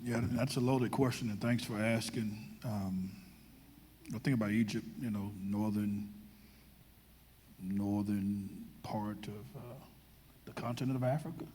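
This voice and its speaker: A man, a pastor, speaking on a church panel, retelling scripture in lively everyday slang. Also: fairly low pitch, unhurried, pauses often, big-room sound, slight background noise. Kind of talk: panel discussion.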